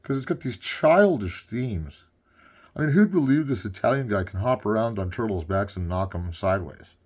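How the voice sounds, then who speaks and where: A man's voice: fairly low pitch, animated, normal speed, darkish tone, slightly rough. A man playing a stoned, rambling male cartoon critic in improvised comedy commentary over gameplay.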